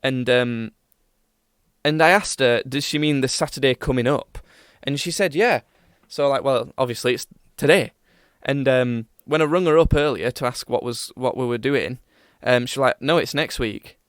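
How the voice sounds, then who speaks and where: A man's voice: medium pitch, normal speed, smooth, no room sound, clean studio sound. Rambling young man. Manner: rambling, self-mocking, lots of fillers. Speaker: podcast host. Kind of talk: casual chat.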